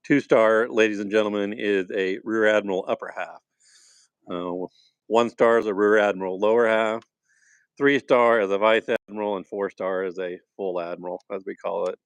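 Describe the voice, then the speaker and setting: A man with a lowish voice and a dry, close sound, hosting a live stream by the fire. He welcomes viewers and reads their messages out in a chatty, easygoing way. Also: steady tone, moderate pace, clean tone, no echo, poor audio. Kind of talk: casual live-stream chat. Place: outdoors by a campfire.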